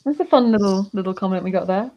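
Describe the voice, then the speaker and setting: An animated woman guest chatting casually over a video call, laughing often as she tells her story. Her voice sits at a middle pitch. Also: quick pace, dull audio. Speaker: podcast guest. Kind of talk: casual chat, anecdote.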